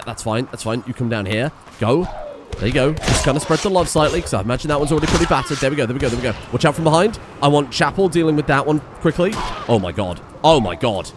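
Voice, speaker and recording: A young man commentating his own gameplay, swearing and panicking as he shouts orders at his characters. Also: mid-range voice, noisy background. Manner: swears and panics, swinging from mutters to yelps. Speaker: gaming streamer.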